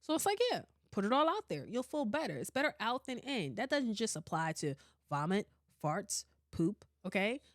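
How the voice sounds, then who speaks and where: A woman hosting a podcast in casual chat, animated and blunt, swearing freely and often breaking into laughter. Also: medium pitch, normal speed, no echo, clean studio sound. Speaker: podcast host.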